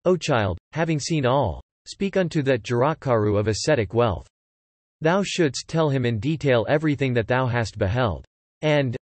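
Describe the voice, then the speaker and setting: A man's voice: medium pitch, no echo, lightly acted. A man voicing grieving male ancestor spirits in a read-aloud epic, pleading in archaic speech.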